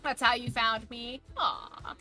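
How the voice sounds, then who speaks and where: A woman streamer with a mild Southern American accent, chatting casually with her chat in a rambling way, her voice going a bit hoarse. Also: fairly high pitch, moderate pace, bright, forceful tone, faint music behind. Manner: rambling, many "like" fillers and restarts.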